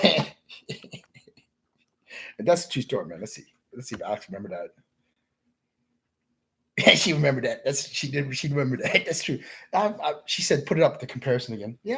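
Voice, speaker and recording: With vocal fry in his medium-pitched, husky, fairly bright voice, a livestream host tells his viewers a rambling story laced with profanity. He ends his sentences with "man" and insists it really happened.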